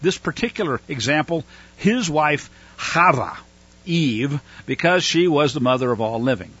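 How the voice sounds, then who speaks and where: Male Bible teacher, animated and husky; unpacks Hebrew terms, thinks aloud; dull lo-fi recording. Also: a little high, moderate pace. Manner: explains Hebrew words, thinks aloud with fillers.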